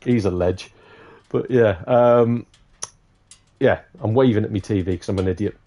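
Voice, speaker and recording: A man's voice: lowish voice, normal speed, pauses often, dark tone. A man hosting a live stream, chatting casually and rambling, swearing freely. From Shropshire, England. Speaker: livestream host.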